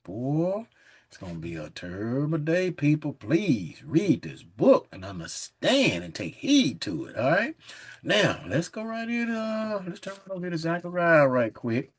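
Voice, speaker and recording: A man teaching from the Bible in a casual, folksy way, reading scripture slowly and breaking in with chuckling asides. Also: a little high, wildly swooping pitch, breathy edge. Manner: chuckles often, says "man" and "look" a lot.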